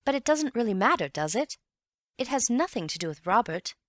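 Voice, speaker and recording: Woman doing excitable young man, audiobook character voice, raised pitch, dry close sound. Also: fairly quick, no room sound. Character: eager excitable young Englishman, easily puzzled.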